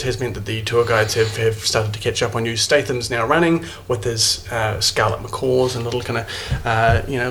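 Rambling New game master. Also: male voice, mid-range voice, a bit bright, slight background noise. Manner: rambling, many um and uh fillers, jokey. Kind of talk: narrating a tabletop game.

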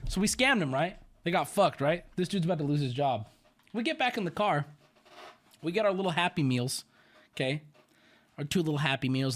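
Animated, high-voiced ranting male streamer. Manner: animated, profane, sarcastic storyteller. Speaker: livestreamer. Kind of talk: ranting livestream storytelling. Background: faint background music.

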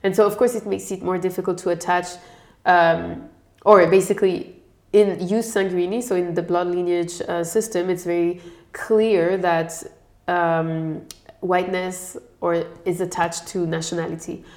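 A woman's voice: lowish voice, flat delivery, unhurried, a little mellow. Woman, interview guest, explanatory, echoey room. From France. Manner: thoughtful, explanatory. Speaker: guest expert. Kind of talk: conversational interview answers.

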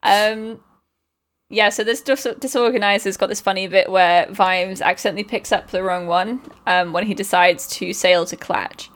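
A woman hosts a relaxed book-club chat and retells the plot in long, rambling runs full of ums. She giggles often between points and keeps the talk loose and friendly. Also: mid-range voice, normal speed. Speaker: podcast host. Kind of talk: casual chat recapping a book.

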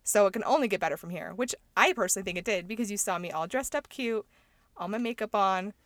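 A woman's voice: mid-range voice, fast talker, dry recording. Talkative woman co-hosting a podcast. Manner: talkative, laughs often, says mm-hmm a lot. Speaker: podcast co-host. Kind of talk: casual chat.

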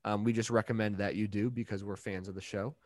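A man's voice: lowish voice, little pitch movement, quick pace, no room sound. A young man co-hosting a podcast in casual chat, rambling and jokey, with restarts and bursts of laughter. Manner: rambling, jokey, breaks into laughs and mock voices. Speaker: podcast co-host.

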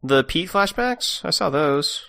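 A man's voice: a little high, lively intonation, a little slow, gravelly, bright, forceful tone. A man co-hosting a podcast, adding dry joking asides while chatting casually about a video game. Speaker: podcast co-host. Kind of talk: casual game recap chat.

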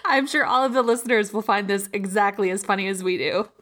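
A woman player in a tabletop game, making dry, deadpan quips. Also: medium pitch, fast talker.

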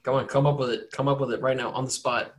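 A man's voice: mid-range voice, little pitch movement, a little hiss or hum. Teasing young game master, man. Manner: joking, teasing, quick to laugh. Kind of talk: casual tabletop game banter.

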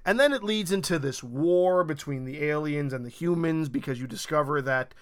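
A man with a somewhat high voice talks through a favorite TV scene. He rambles and gets excited, throwing in casual swears. His tone is loose and unscripted. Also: moderate pace. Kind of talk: casual recap of a TV show.

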